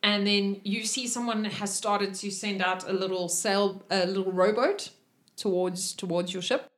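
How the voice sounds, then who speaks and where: A woman running a tabletop game as game master, narrating in a halting way with many fillers and restarts. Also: medium pitch, fairly even intonation.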